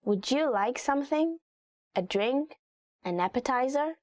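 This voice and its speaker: A chatty, giggly woman with a fairly high voice gives a casual lesson. She reads phrases quickly, then explains them with plenty of "like" fillers. The recording is dry and close. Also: lively intonation, a little mellow, no room sound. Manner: reads Hebrew lines quickly, then translates. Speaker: language teacher. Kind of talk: casual lesson reading Hebrew phrases with commentary.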